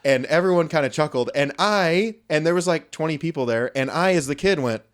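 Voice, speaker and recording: Animated and on the high side, a young adult man talks fairly quickly as he co-hosts a podcast. His long anecdote rambles casually, with plenty of swearing and jokey side comments.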